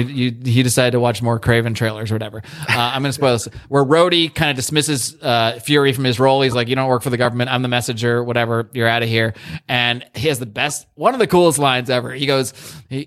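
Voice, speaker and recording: A man's voice: mid-range voice, fairly bright tone. A man co-hosting a podcast, giving rambling, opinionated takes in casual chat, swearing freely and often restarting his sentences. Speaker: podcast co-host. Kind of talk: casual chat reviewing a TV show.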